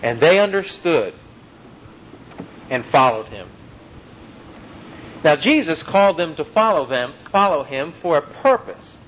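A man preaching a sermon, slowing down and dropping low on key phrases and mixing in homely stories. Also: expressive, fairly bright tone, dull audio, a little hiss or hum. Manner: emphatic, slows and drops low on key phrases, folksy anecdotes.

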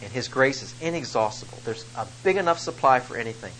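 Man, pastor, sermon delivery, mid-pitched voice, emphatic rises, faint background hum. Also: quick pace, rough recording. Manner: expressive preaching, rising for emphasis.

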